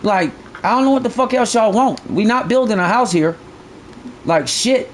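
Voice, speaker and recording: A man's voice: high-pitched, lively intonation, moderate pace, slight background noise. A man streaming a fishing game live, ranting bluntly and profanely to his chat and repeating his points.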